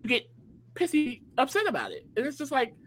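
An animated co-host who swoops up and down in pitch and talks with a bright, forceful edge. This is excitable casual chat about a reality show, full of filler "like"s. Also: a little fast, husky, poor audio. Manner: excitable, animated, fills talk with "like".

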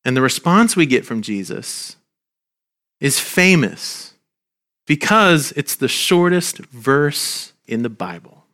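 Man, pastor, sermon, unhurried delivery, earnest, gentle, soft line endings. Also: medium pitch, big pitch swings. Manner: earnest, slow and gentle, dropping soft at the ends of lines. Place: church.

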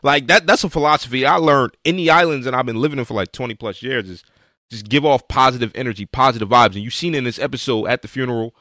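A man's voice: mid-range voice, quick pace, bright, forceful tone, no room sound, studio quality. A man co-hosting a casual podcast, recapping an episode in slangy, laid-back talk and laughing often. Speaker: podcast co-host.

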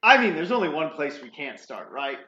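Bright-voiced man in an echoey room. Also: fairly high pitch, very animated, a little fast. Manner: hesitant, with fillers and restarts when analyzing. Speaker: podcast co-host. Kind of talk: casual sports podcast chat. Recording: echoey room, dull lo-fi sound.

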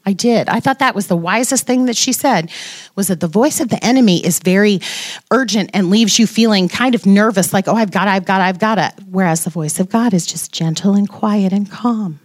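A woman's voice: mid-range voice, dry recording, studio quality. A woman giving an informal devotional talk to a women's Bible study, chatty and self-deprecating, with playful asides.

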